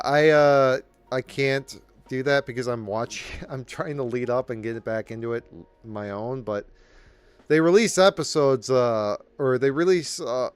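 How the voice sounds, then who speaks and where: A man's voice: mid-range voice, clean tone, no echo. A man hosting his own channel, giving casual commentary on the news. He rambles, breaks off mid-sentence and slips in apologetic asides. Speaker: channel host.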